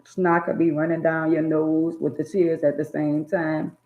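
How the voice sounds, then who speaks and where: A woman in casual chat about her childhood, talking in an animated way and acting out scolding parents in loud bursts. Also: low-pitched, unhurried. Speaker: storyteller recalling childhood. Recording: tinny phone-like sound.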